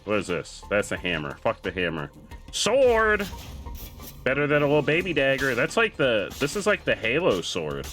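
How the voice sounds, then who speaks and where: A man streaming a video game, talking casually with his viewers, excitable and swearing freely as he plays. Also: mid-range voice, brisk, few pauses, faint music behind. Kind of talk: casual livestream commentary while gaming.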